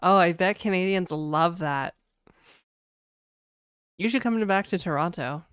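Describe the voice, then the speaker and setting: Woman streamer, low-pitched, unhurried delivery, casual chat with viewers, dry close sound. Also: clear, resonant tone, dry recording. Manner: laid-back, chatty, full of "like" and "dude", laughing often. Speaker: game developer streamer.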